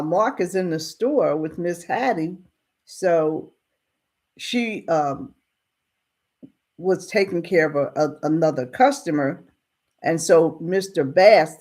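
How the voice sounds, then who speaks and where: A woman casually retelling a story in a colloquial, unhurried way. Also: low-pitched, darkish tone.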